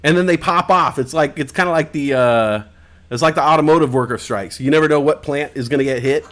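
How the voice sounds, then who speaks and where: With a fairly high, fairly bright voice and a fairly quick pace, a man runs a live-stream talk show from his home setup of headphones and a desk mic. The chat is loose and rambling, full of jokes and frequent cursing.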